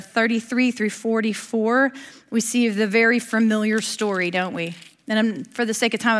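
A middle-aged woman preaches in an easy, conversational way and keeps her listeners close with asides and little laughs. Her voice sits a bit high for a woman. The delivery is animated and personal instead of formal. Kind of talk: sermon.

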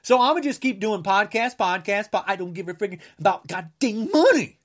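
Combative and angry, this US podcaster rants about politics, hurling the same insults again and again and now and then erupting into shouts. He speaks fairly quickly in a high-sitting voice with lively intonation.

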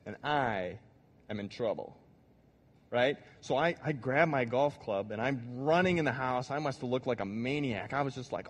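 A man preaching a sermon, telling a childhood story with animated, audience-directed delivery. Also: mid-range voice, normal speed. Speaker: pastor. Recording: long hall reverb.

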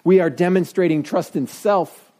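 A middle-aged man delivers a sermon in a relaxed, conversational manner. His voice sits a little high yet sounds mellow and soft-edged. He pokes fun at himself as he talks. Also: moderate pace. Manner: conversational, self-deprecating, lively shifts of pitch. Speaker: pastor.

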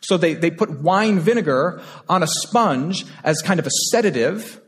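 A man's voice: fairly high pitch, animated, moderate pace. Impassioned male preacher in a reverberant hall. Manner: impassioned, repeats phrases, swings between loud and hushed. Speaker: pastor. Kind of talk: sermon. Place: church sanctuary.

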